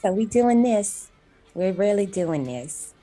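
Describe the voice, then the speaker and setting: A woman's voice: mid-range voice, animated, takes it slowly, dark tone, faint music behind. A woman hosting a casual horror podcast, upbeat and teasing as she chats with her co-hosts. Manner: upbeat, teasing, laughs often. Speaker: podcast host.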